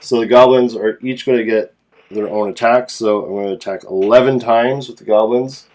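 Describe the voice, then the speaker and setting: A man's voice: medium pitch, steady tone, normal speed, darkish tone. A man casually narrating and playing a solo tabletop game as game master, thinking aloud as he rolls dice.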